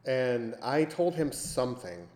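Man, podcast co-host, animated storyteller who acts out the dialogue, mid-pitched, roomy echo. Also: a little slow. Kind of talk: casual storytelling.

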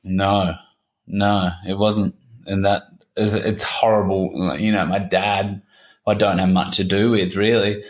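Halting, low-voiced man in his thirties. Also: flat delivery. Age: 30s. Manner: halting, repeats himself, swears casually. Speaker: interview guest. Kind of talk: candid personal conversation.

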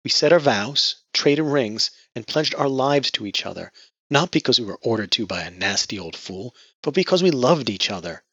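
A man's voice: mid-range voice, expressive, normal speed, a bit bright, breathy edge, no echo, voice pushed up. A man voicing a grieving young woman who is bitter and defiant, speaking in a raised, tearful voice on a dull lo-fi recording. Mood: anguished. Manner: emotional, raised voice near tears. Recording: dull lo-fi audio.

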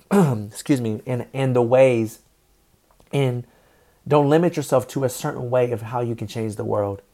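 A man giving an unscripted, faith-based motivational talk, earnest and repetitive, with frequent restarts and throat-clearing. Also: medium pitch, unhurried, long pauses, warm tone. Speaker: motivational speaker.

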